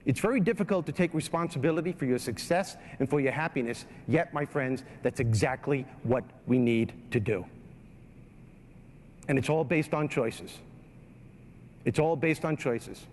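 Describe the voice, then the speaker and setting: A man's voice: mid-range voice, moderate pace, darkish tone, slight background noise. A man giving a comedic motivational keynote, emphatic and repetitive, in a large hall. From New York. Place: large hall with a live audience. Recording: reverberant hall.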